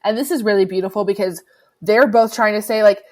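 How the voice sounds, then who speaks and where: Woman co-host, casual chat, animated storyteller. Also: on the high side, fairly quick. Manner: animated storytelling, acts out quotes. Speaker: podcast co-host. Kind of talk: casual chat recapping a film.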